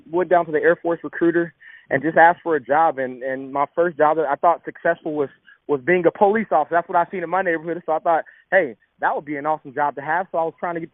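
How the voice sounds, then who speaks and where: A young man from Southern California, his voice fairly high, earnestly shares a heartfelt testimony of hardship and faith. The recording has no echo but a thin, phone-like sound.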